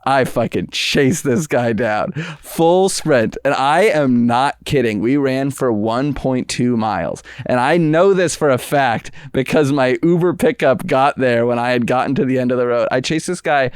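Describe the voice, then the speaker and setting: Animated young man telling a story. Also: medium pitch, unhurried, few pauses, clean tone, no room sound, clean studio sound. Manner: animated, acts out quoted voices, laughs often. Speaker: podcast co-host. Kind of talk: casual storytelling chat.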